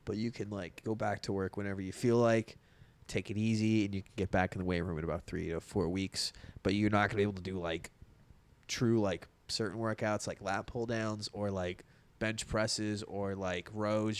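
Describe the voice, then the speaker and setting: A man's voice: on the low side, fairly even intonation, brisk. A man co-hosting a comedy podcast, telling a crude, rambling story full of filler words while sore from broken ribs. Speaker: podcast co-host. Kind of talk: casual comedic chat.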